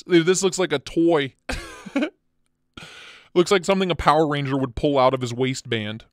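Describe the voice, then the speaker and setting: A casual, blunt man hosting a chat stream, excitable and quick to swear, sounding tired. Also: a little high, no echo, clean studio sound. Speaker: channel host.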